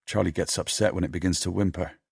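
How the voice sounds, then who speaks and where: A man narrating an audiobook in a steady, measured storytelling manner. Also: deep voice, gravelly, slightly rough, dry recording, studio quality.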